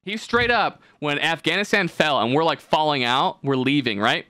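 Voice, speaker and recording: Bright, rambling young man in casual chat. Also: fairly high pitch, lively intonation, normal speed, no room sound. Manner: rambling, profane, jumps into mocking voices. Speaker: podcast host.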